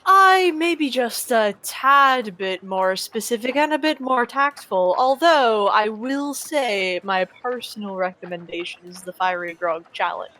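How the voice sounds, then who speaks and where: A woman's voice: a little high, expressive, a little slow, hardly any pauses, sharp tone. A woman playing her character in a tabletop game, polite and formal. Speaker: player.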